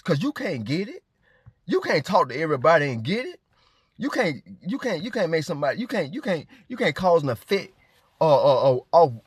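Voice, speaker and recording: A man's voice: high voice, slightly rough, no room sound, studio quality. A man delivering a confrontational spiritual rant. He is defiant and profane, and he keeps repeating rhetorical check-ins to his listeners. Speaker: vlogger.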